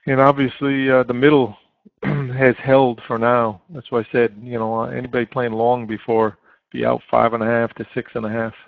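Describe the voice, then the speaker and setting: A man's voice: mid-range voice, little pitch movement, moderate pace, vocal fry, no room sound. A man giving live market commentary as a trading chat room moderator, coaching steadily with frequent fillers over a dry, phone-like line.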